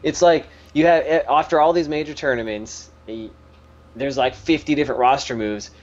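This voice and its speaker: A man's voice: mid-range voice, fairly even intonation, normal speed, highs cut off. A man co-hosting a casual gaming podcast, ranting in a scornful, fed-up way. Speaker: podcast co-host.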